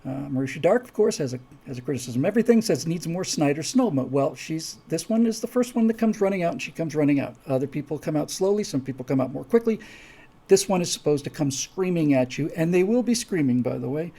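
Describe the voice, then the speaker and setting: A man's voice: on the high side, animated, fast, vocal fry, warm tone. A man hosting a live stream, talking casually and rambling with many restarts and asides. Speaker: host.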